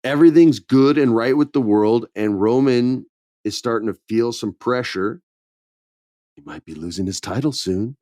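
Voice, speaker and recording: A man's voice: medium pitch, normal speed, warm tone, no echo. A man co-hosting a podcast, chatting casually through a wrestling recap and acting out the quotes in shifting voices. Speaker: podcast co-host.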